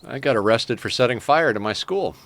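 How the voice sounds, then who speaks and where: A man's voice: mid-range voice, animated, a little fast, noisy background. A man streaming a strategy game, chatting casually, swearing freely and drifting into self-amused stories. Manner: rambling, profane, self-amused storytelling. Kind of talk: casual live-stream gaming commentary.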